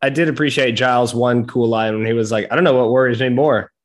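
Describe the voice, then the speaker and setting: A man's voice: mid-range voice, steady tone, quick pace. A man co-hosting a podcast, telling jokes about a movie in a dry tone. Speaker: podcast co-host. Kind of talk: casual movie discussion.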